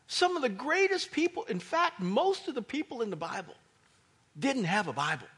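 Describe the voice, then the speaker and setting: Male pastor, sermon, bright tone, husky edge. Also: very high voice, moderate pace. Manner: animated preaching, rising to near shouts for emphasis.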